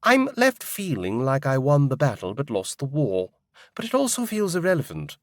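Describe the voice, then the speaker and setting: Male audiobook narrator, wry and animated, dry studio read. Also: mid-range voice, normal speed, no room sound. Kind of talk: first-person audiobook narration.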